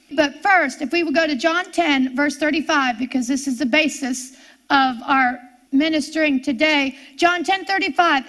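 A woman preaching a sermon, animated and emphatic, her voice rising on repeated phrases. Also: high-pitched.

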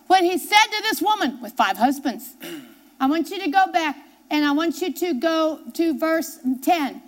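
A woman's voice: very high voice, animated, unhurried. A woman pastor preaching a sermon, reading scripture aloud and driving points home with repetition and questions to the congregation. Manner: emphatic, repeats key phrases, asks the congregation questions.

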